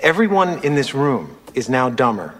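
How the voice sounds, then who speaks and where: An actor playing a stern man who scolds a rambling speaker in a slow, measured, withering way. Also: mid-range voice, big pitch swings, fairly bright tone, long reverb tail, a little hiss or hum. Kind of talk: film dialogue clip.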